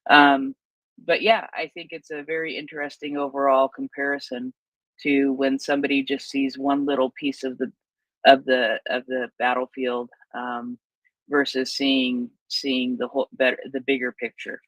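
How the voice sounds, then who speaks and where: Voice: medium pitch, little pitch movement, moderate pace, a bit bright, no echo, muffled recording. Chatty co-host, dry close sound. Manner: conversational, retelling what others said, many fillers. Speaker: co-host of live audio chat. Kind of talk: casual live audio chat.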